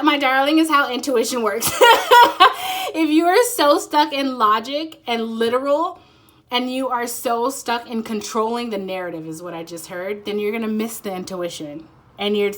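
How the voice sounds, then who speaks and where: A woman giving a spontaneous, intuitive card reading, excitable and rambling, often breaking off mid-sentence and apologizing. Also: fairly high pitch, low-quality recording. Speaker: tarot card reader.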